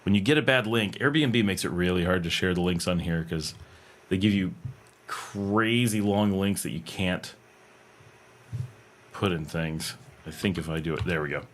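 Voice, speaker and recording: A man's voice: low-pitched, moderate pace, long pauses. A man hosting a casual livestream from home, reading viewer comments aloud and answering them in a rambling, thinking-aloud way with many fillers and restarts. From United States. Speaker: livestream host. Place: home room with air conditioning.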